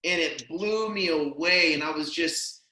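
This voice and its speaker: A man's voice: fairly high pitch, measured pace, crowd noise. A man telling a heartfelt story as a podcast guest, earnest and emotional, often saying "man" and "dude". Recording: roomy echo.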